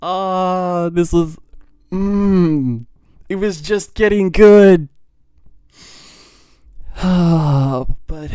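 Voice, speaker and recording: A young man giving live reaction commentary as a streamer. He is an excitable fan who gasps, laughs and trails off into restarts. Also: high-pitched, extremely slow, pauses often, clear, resonant tone, no echo, studio quality. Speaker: streamer reacting to a manga chapter.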